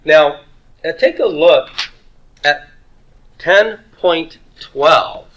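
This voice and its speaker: Male teacher, bright forceful voice, upbeat and joking, classroom lecture, leads repeat-after-me drills. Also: on the high side, animated, extremely slow, a little hiss or hum, rough recording. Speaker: Greek teacher.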